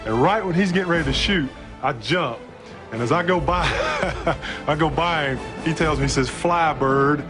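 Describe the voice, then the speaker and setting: A former basketball player retelling a game moment as vivid play-by-play. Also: male voice, a little high, moderate pace, music in the background. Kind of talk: anecdote in an interview clip.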